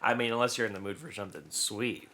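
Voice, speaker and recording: A man co-hosting a podcast, chatting casually while tasting snacks, rambling and joking with loud bursts of laughter. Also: lowish voice, fast talker. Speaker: podcast co-host.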